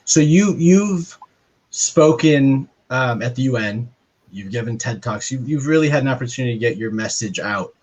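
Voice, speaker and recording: A man's voice: medium pitch, expressive, normal speed, darkish tone, dull audio. A man interviewing a guest at a live event, hesitant and prone to repeating himself. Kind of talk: interview on stage.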